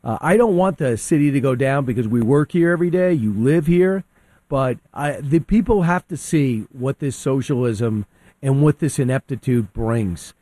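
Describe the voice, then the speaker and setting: Animated man with a mellow voice. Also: medium pitch, moderate pace, no room sound. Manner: animated, quotes people in acted voices. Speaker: radio guest commentator. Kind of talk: opinionated talk radio commentary.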